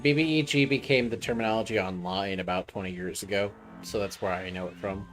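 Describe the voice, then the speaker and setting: A man with a very low voice rambles through a casual stream chat. He lectures in a nerdy, teasing way and jumps from point to point. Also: fairly even intonation, fairly quick, soft background music.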